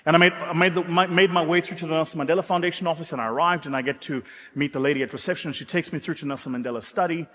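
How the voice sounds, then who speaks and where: A South African man giving a motivational keynote, an animated and dramatic storyteller with self-mocking humor. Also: fairly high pitch, very fast. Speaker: keynote speaker. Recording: echoey hall.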